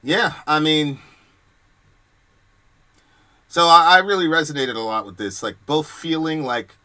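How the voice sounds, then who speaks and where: A man from New York telling a story in casual chat, animated, acting out what people shouted. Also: on the high side, a little slow. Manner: animated storyteller, shouts quoted lines, swears. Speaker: co-host.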